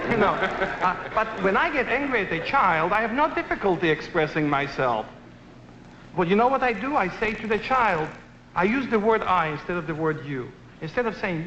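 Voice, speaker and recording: A high, bright male voice swoops up and down as he teases and tells little stories to his listeners. The sound is a roomy, dull archive recording. He lectures with playful humor. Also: lively intonation, moderate pace, slight background noise. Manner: playful, teasing, storytelling. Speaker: lecturer on psychology. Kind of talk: humorous anecdotal talk to an audience.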